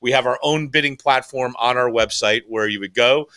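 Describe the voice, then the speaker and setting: Guest spot: male auctioneer, bright tone, rambling casual talk, lots of restarts. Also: mid-range voice, normal speed, smooth. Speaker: auction house owner, guest. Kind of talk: casual chat on a live stream.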